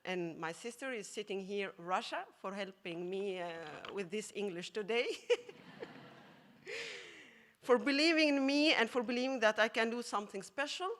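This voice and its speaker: An Egyptian woman who teaches math gives an emotional acceptance speech, laughing often and pausing with fillers. Her voice is medium-pitched with a fairly bright tone.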